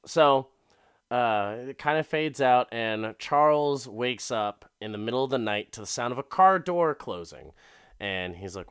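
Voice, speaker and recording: A man's voice: mid-range voice, lively intonation, a little slow, a bit bright, smooth, no echo, clean studio sound. A man giving a profane, rambling comic recap of a movie, full of fillers.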